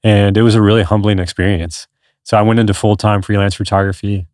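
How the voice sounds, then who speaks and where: A man in his thirties with a lowish voice tells his story in an earnest, rambling way, with many restarts. The sound is dry and close, with no room around it. It has the easy flow of a podcast chat. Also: level tone, fast, a little mellow, no echo. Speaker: podcast guest. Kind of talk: casual conversation.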